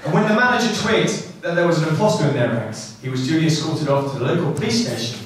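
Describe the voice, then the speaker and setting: A best man delivers a wedding speech, his voice slightly high as he lands dry, deadpan jokes. He is heard from a distance in a reverberant hall while guests laugh around him. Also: fast. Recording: echoey hall from far off, crowd laughing.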